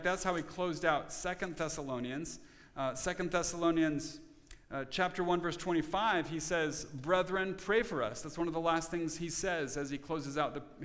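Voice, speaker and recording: A man's voice: on the high side, a bit bright, long reverb tail. A man preaching a Sunday sermon as pastor, earnest and conversational, often restarting and repeating words. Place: church sanctuary.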